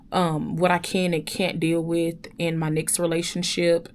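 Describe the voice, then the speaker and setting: A young woman telling a personal story to her viewers in an animated, chatty way, often calling out to them directly. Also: lowish voice, measured pace. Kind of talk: casual storytime chat.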